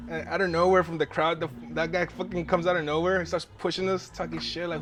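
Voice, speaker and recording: A man's voice: on the high side, little pitch movement, fast talker, few pauses, fairly bright tone. A young man hosting a podcast, telling a rambling, profanity-laced story in casual chat and laughing as he goes. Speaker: podcast host.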